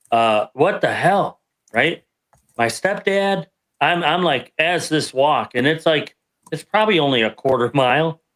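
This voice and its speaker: A man's voice: mid-range voice, fairly bright tone. A man, a veteran guest on a podcast, telling a story from his service in a casual, rambling way with frequent restarts. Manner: rambling, restarts and self-corrections.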